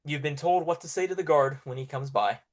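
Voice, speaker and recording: A man's voice: a little high, a little fast. Easygoing man running a tabletop game. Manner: casual, laughs often, filler-heavy. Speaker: game master.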